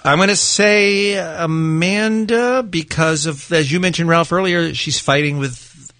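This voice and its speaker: A man's voice: a little high, unhurried, a bit bright, dry recording. A man co-hosting a radio show, chatting casually through a guessing game and joking at his own expense.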